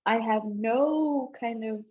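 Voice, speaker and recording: A woman's voice: on the high side, takes it slowly. A woman giving a personal testimony to a live audience, telling her story conversationally and often checking in with "right?". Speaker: speaker sharing a personal testimony. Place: live event in front of an audience. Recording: dull, lo-fi live event recording.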